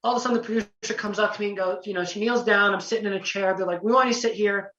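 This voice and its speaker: A young man telling a casual story as a podcast guest, lively, acting out quotes, with lots of "you know" fillers. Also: high-pitched, rapid-fire. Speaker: podcast guest, former singing contestant. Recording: roomy, distant, dull lo-fi sound.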